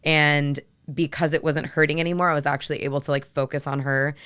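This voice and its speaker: A woman in her thirties with a low, smooth voice, speaking softly and reflectively on a podcast. She fills her sentences with "like" and "you know" as she thinks aloud. The sound is close and dry. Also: little pitch movement, fast talker, no echo. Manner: soft, filler-heavy, reflective. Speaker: podcast co-host. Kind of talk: casual chat.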